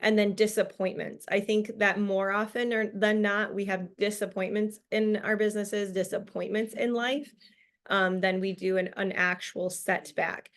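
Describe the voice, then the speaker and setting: A woman's voice: mid-range voice, little pitch movement, normal speed. A woman leading a business training over a video call, giving a casual, upbeat motivational talk full of fillers and laughs. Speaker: team leader presenting a business training call.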